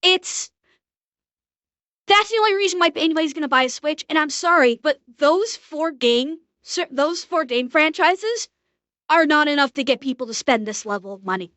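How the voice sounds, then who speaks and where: A young woman with a very high, bright voice rants bluntly and profanely as she reacts live on stream. Her voice is close and dry, with no room sound around it. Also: expressive, no room sound. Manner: blunt, profane, fast ranting.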